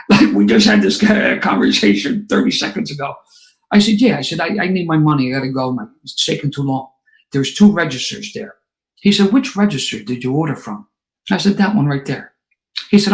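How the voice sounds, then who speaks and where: Philly guy telling a wild story at a meeting, kinda high voice, sarcastic and animated. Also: brisk, rough recording. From Philadelphia area. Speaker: recovery meeting speaker. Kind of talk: personal story talk.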